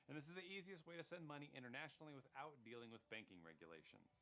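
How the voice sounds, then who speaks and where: A man's voice: medium pitch, expressive, very fast, bright, forceful tone. A man narrating a comic story in a dry, wisecracking way. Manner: dry, wisecracking, plays dumb. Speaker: channel host and narrator. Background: background music.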